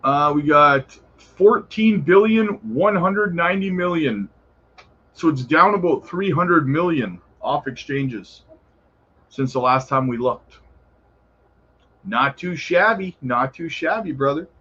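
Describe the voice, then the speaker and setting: A man's voice: fairly high pitch, expressive, takes it slowly, sharp tone, husky, muffled recording. A man hosting a casual crypto livestream, answering viewer questions in a laid-back, chummy way and calling viewers brother. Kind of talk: casual live chat reading viewer questions.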